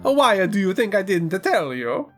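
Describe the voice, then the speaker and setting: A woman voicing a cheerful teenage schoolgirl who hides deep sadness, her lines wavering and half-laughing through tears. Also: sing-song, a little slow, soft background music. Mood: pleading.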